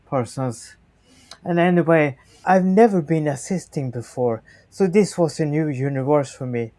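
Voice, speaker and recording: Swedish man telling stories with verve. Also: fairly high pitch. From Sweden. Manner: animated storyteller, acts out quoted voices, frequent restarts. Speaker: guest. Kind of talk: conversational storytelling.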